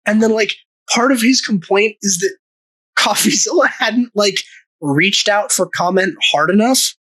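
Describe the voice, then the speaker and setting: A young man co-hosting a podcast, cursing a lot, laughing and riffing quickly in casual comedic chat. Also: high voice, fairly bright tone, low-quality recording. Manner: sweary, laughing, rapid riffing. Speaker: podcast co-host.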